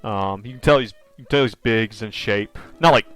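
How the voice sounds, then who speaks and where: A man's voice: on the low side, fairly quick, fairly bright tone, smooth, faint music behind. A man running a tabletop horror game as game master, describing scenes in a casual, rambling way with many fillers.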